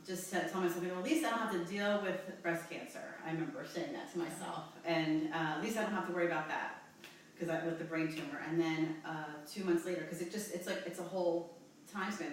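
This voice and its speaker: A woman from New Jersey in her forties, telling a personal story in an interview with halting, rambling speech and many fillers. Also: on the low side, distant mic, slight background noise. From New Jersey, USA. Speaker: interview guest. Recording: echoey room, voice from off-mic.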